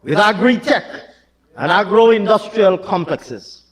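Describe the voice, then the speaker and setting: A man, a government minister, giving a deliberate and emphatic budget speech in a large parliamentary chamber. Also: sits high, expressive. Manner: deliberate and emphatic, rising to forceful oratory. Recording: long hall reverb.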